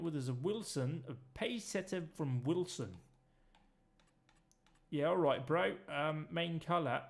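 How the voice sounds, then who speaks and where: Gravelly-voiced man streaming a game. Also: fairly high pitch. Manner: rambling, jokey, swears freely. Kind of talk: casual let's-play commentary.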